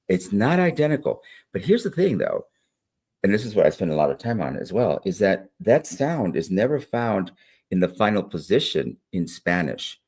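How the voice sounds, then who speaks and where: Deep-voiced man explaining with lively emphasis. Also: creaky, breathy edge. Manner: animated, demonstrates sounds, frequent "right?" and "all right?". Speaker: guest literacy educator. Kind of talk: conversational interview.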